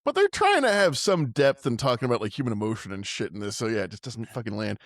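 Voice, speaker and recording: A man's voice: mid-range voice, sing-song, fast talker, dry recording, clean studio sound. A man co-hosting a casual movie podcast, riffing sarcastically with loose, profane phrasing and lots of filler words. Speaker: podcast co-host reviewing movies.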